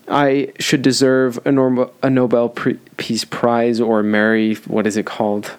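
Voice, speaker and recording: Young guy podcasting solo, laid back and jokey, lots of ums, mid-pitched voice. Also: little pitch movement, a little slow, hardly any pauses, clean tone. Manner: loose and joking, with frequent ums and restarts. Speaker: podcast host. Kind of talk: casual solo podcast advice.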